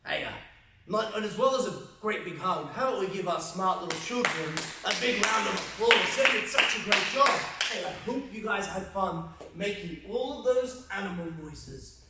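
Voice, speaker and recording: A man's voice: sits high, lively intonation, moderate pace, very noisy. A man coaching a toddler gym class, talking playfully in a sing-song, coaxing way. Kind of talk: leading a toddler movement class. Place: indoor gym hall. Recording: echoey hall from far off, music behind.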